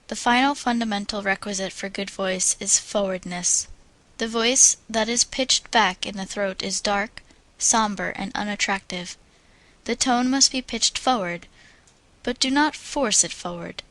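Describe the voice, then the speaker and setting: A woman narrating an audiobook on public speaking, reading in a measured, instructive way and drawing out the vowels in her practice drills. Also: medium pitch, fairly bright tone, low-quality recording.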